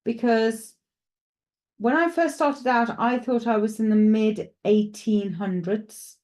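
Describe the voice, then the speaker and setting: Lady medium chatting to her viewers live, mellow voice, lots of um and restarts while she works it out. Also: fairly high pitch, slow. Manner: chatty, thinks aloud, addresses viewers directly; hesitant, with frequent restarts while working things out. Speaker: psychic medium. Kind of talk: live streamed mediumship reading.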